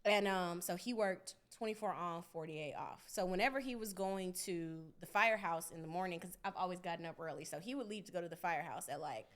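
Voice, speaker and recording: A young woman hosting a podcast, telling a story in a casual, animated, profane way, often laughing. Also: fairly low pitch, brisk, few pauses. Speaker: podcast host.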